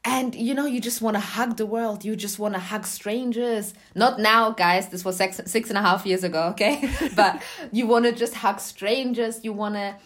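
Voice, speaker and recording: A young woman being interviewed, telling a personal story in a lively, chatty way and laughing often. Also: mid-range voice, normal speed. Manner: animated, laughs often, acts out quotes. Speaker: interview guest. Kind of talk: casual storytelling in conversation.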